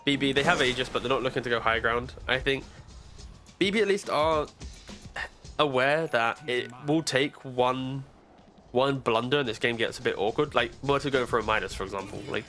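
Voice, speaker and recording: Bright-voiced male esports analyst. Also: mid-range voice, moderate pace, faint music behind. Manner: casual, chatty analysis with many "like" fillers. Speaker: esports commentator.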